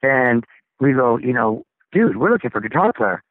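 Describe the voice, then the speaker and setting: A man, a rock singer, telling stories as an interview guest, acting out other people's lines in excited, high voices. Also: normal speed, no room sound. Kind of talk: casual storytelling interview. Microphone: phone. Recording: tinny, dry phone line.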